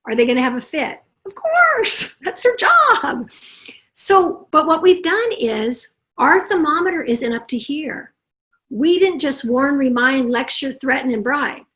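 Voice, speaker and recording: High-voiced woman giving an animated parenting talk. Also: normal speed. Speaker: parenting consultant speaker.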